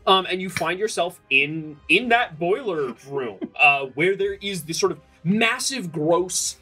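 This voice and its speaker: A woman runs a tabletop game with a husky, lively voice that swings up and down a lot. She narrates in a loose, rambling way, full of ums and restarts. Faint music plays under her. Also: sits low, a little slow, few pauses. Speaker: game master.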